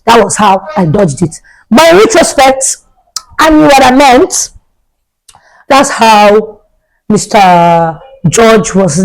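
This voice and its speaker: A woman's voice: mid-range voice, darkish tone, poor audio. A young adult woman, a vlogger telling a storytime tale in a chatty way and repeating herself for emphasis. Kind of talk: storytime vlog.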